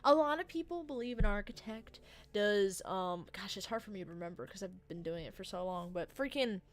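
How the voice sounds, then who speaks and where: A woman livestreamer chatting casually with her viewers late at night, rambling and easily distracted, with sudden loud bursts of excitement. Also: mid-range voice, brisk. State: tired from the late hour.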